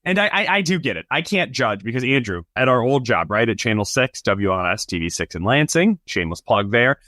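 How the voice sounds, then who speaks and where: A man hosting a sports podcast in casual chat, chatty and quick with asides and laughs. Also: mid-range voice, very animated, bright, forceful tone, dry recording, studio quality. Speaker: podcast host.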